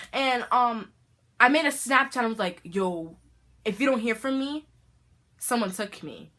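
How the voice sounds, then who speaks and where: Teen girl, vlogger, bright tone, fairly high voice, dramatic slangy storytelling. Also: normal speed. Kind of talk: storytime vlog.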